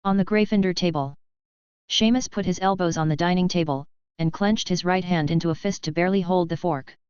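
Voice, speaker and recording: A woman reading a fan-fiction audiobook in an even, unhurried scripted narration. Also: fairly low pitch, clean tone, no room sound, muffled recording.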